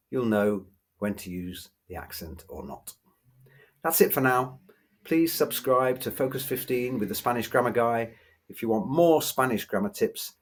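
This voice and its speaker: A man teaching a grammar lesson, patiently explaining rules and slowly repeating example words. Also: on the low side.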